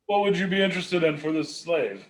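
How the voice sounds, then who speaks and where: A man's voice: a little high, animated, brisk. A man playing a tabletop game, bargaining in character with hesitant fillers. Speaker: player.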